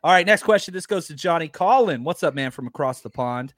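Podcast host, man, higher voice, strained and worn, self-deprecating, close dry mic. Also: animated, a little fast, a bit bright, dry recording. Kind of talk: casual panel chat.

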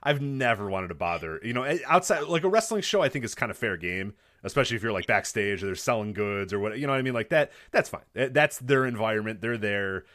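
Animated, fast-talking man telling stories. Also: fairly low pitch, no room sound, clean studio sound. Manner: animated storyteller, acts out quotes, laughs often, swears. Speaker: podcast co-host. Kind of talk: casual chat.

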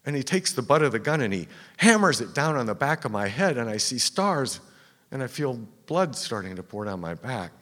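Standing on a theater stage, a man with a mid-range, fairly bright, sing-song voice relates a true personal story at normal speed. It's dramatic and first-person, with whispers for the tense parts, and the live hall echoes long.

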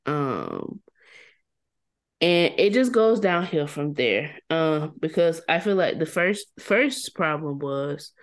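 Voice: medium pitch, sing-song, takes it slowly. Chatty co-host recapping with laughs. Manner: laughs often while retelling events. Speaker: podcast co-host. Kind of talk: casual recap chat.

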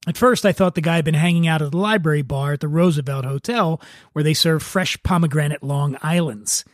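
A man hosting a podcast, reading a story aloud in a relaxed, wry manner. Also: fairly high pitch, brisk, no echo, clean studio sound. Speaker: podcast host.

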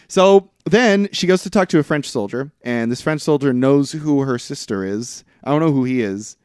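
A man's voice: lively intonation, moderate pace, darkish tone, smooth, dry recording, clean studio sound. A young man co-hosting a podcast, casually recapping a film plot and acting out the characters' lines with jumps in his voice. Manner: rambling, acts out quotes with pitch jumps. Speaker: podcast co-host. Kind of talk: casual movie recap chat.

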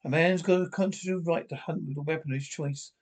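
An actor plays a gruff middle-aged husband with a blustering, belligerent manner. He sounds like a TV drama character who is quick to bristle. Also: a little high, fairly even intonation, darkish tone, natural voice.

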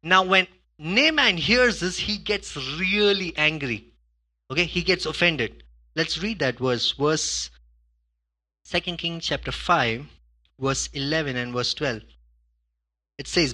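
In an unhurried, higher-leaning voice, a pastor gives a conversational sermon peppered with "you know" and "okay?" His delivery swings from hushed asides to loud bursts of emphasis.

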